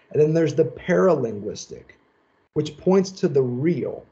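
A man giving a seminar lecture in a measured, emphatic, explanatory way. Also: fairly high pitch, dark tone, lo-fi sound. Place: lecture session.

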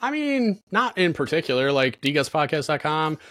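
A man's voice: a little high, big pitch swings, moderate pace, fairly bright tone, no room sound. Blunt, profane man telling work stories. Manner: blunt, profane, storytelling with lots of fillers. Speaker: guest. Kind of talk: casual podcast chat.

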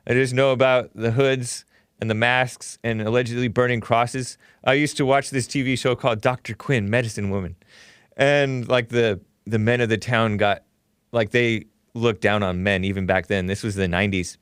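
A man's voice: mid-range voice, steady tone, moderate pace, a bit bright, clear, resonant tone, dry recording, studio quality. Chatty male talk show host. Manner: chatty, laughs often, reads chat messages aloud in mocking voices. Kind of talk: casual call-in talk show monologue.

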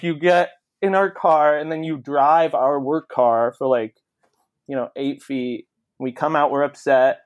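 A man telling a long story in casual podcast chat, swearing freely and acting out the people he quotes. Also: on the high side. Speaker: podcast co-host.

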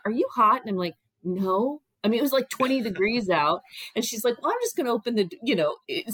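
Chatty storytelling woman, low dry voice. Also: dry recording. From Ohio. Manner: animated, acts out quoted voices. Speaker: guest telling her story. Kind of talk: casual storytelling.

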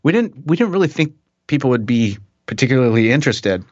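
A middle-aged man, a musician guest, telling stories in a relaxed, chuckling way with many restarts. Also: medium pitch, brisk, no room sound. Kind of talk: casual interview chat. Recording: dull dry podcast audio.

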